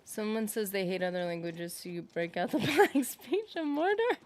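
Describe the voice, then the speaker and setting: A woman livestreaming a game talks with her viewers in a loose, rambling way. Her voice sits at an ordinary middle pitch. She fills pauses with plenty of fillers and reads out the chat's comments as she goes. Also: expressive. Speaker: streamer playing a game. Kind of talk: casual livestream chat.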